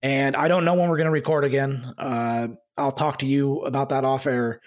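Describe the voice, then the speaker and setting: In casual podcast talk, a man hosting a basketball podcast speaks in an angry, halting way, full of fillers and restarts. His voice is mid-range with fairly even intonation.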